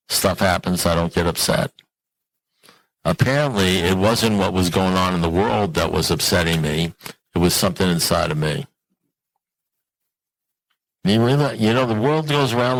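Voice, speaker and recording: A man with a fairly low voice tells a funny, self-mocking recovery story. He is conversational and animated, jumps suddenly into higher pitch, and keeps asking the audience questions. The sound is dry and close, with almost no room echo. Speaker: recovery meeting speaker. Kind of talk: humorous personal storytelling to an audience.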